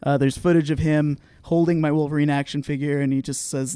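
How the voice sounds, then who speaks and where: Smooth, fairly high-voiced young man. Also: fast, few pauses, no echo, studio quality. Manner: animated, rambling anecdotes with frequent laughs. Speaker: podcast co-host. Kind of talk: casual chat, storytelling.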